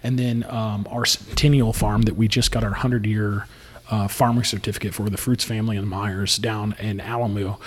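Laid-back storyteller man with husky voice. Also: on the low side, level tone, normal speed, in a large hall. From Indiana. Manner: rambling, laughing storyteller with many fillers. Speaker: distiller. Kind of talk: casual storytelling.

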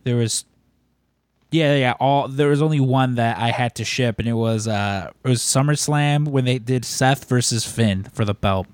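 Animated man telling a story, dry room. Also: medium pitch, moderate pace, clear, resonant tone, dry recording. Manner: animated storyteller, acts out quoted voices. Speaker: podcast host. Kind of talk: casual storytelling chat.

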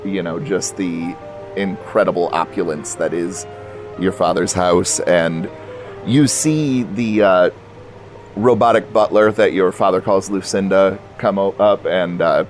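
A man narrating a tabletop role-playing game as game master, halting with many fillers. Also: low voice, soft background music.

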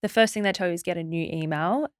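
A young woman telling a stressful story as a podcast guest, in a quick, animated way with many fillers and restarts. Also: on the low side, clean tone, no room sound, clean studio sound. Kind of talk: casual storytelling interview.

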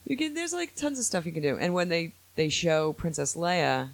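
Man, podcast host, casual chat, opinionated, animated, fairly high voice, dry close sound. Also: vocal fry, no room sound. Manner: opinionated, animated, quick to laugh.

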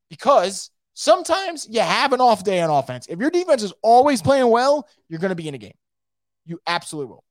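A man hosting a casual live sports podcast, reading out viewer comments and reacting in a fast, emphatic way, often repeating his words. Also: a little high, dry recording, clean studio sound.

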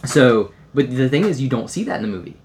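A man's voice: mid-range voice, animated, fast, a little mellow, slight background noise. A man co-hosting a podcast, talking casually about a film, rambling with many fillers and restarts. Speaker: podcast co-host.

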